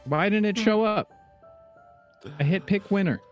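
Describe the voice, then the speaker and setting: A man's voice: sits high, unhurried, dull audio, over music. A man acting as game master and host, wrapping up a streamed tabletop game with upbeat, playful showmanship.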